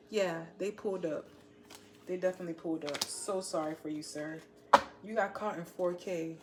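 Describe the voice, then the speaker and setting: A woman's voice: lowish voice, moderate pace, background noise. A woman giving a casual tarot reading to a viewer, blunt, slangy and teasing as she lays out the cards. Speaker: tarot reader.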